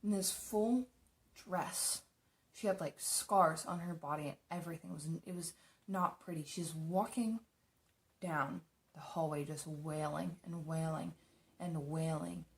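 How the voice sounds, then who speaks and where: Young woman chatting casually, low-pitched. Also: measured pace, vocal fry. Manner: chatty, rambling, swears freely. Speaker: makeup streamer. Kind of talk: casual storytelling while doing makeup.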